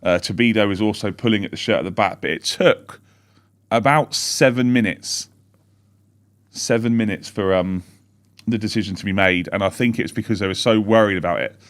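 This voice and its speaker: A man co-hosting a football fan podcast from home, telling match events in a rapid, rambling way. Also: lowish voice. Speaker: podcast co-host. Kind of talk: casual live-stream chat.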